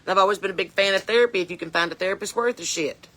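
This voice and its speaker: A woman's voice: mid-range voice, racing, a bit bright. Woman playing blunt porch-smoking mom. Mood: tearful. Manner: folksy, earnest, rambling with lists. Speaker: comedian in character. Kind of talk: comedic character monologue.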